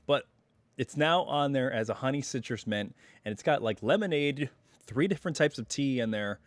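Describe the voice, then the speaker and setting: A slightly hoarse man chats away to his live stream viewers from home, drifting through asides and tangents. His voice sits at an ordinary middle pitch. The sound is close and dry, with no room echo. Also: expressive, normal speed. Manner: chatty and rambling, full of asides. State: hoarse, recovering voice. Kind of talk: casual live stream chat.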